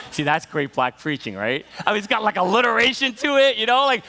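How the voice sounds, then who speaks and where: A man's voice: sits high, sing-song, a little fast, creaky, bright, forceful tone. A man preaching a sermon, telling a story in a conversational way, with many fillers and questions to the congregation. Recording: reverberant hall sound.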